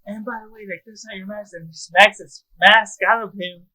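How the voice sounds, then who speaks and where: Man, high bright voice, excitable gamer co-host, swears a lot. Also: normal speed, low-quality recording. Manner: excitable, swears a lot, acts out game scenes. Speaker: podcast co-host. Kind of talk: casual chat.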